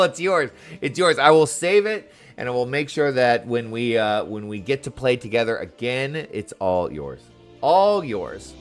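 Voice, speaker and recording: Man, game streamer, casual commentary, lively pitch, playful voices, faint background music. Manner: chatty, reads game dialogue aloud in playful voices.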